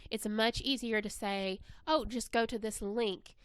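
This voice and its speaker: A woman presenting an instructional webinar in an even, scripted narration. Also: on the high side, unhurried, clear, resonant tone, no echo.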